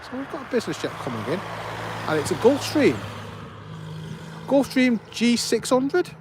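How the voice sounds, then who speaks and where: Broadcasting live from outdoors at an airport, this host has a very high-pitched voice with big pitch swings and talks at a normal speed over background noise. He's chatty and enthusiastic, calling out viewers by name as he comments.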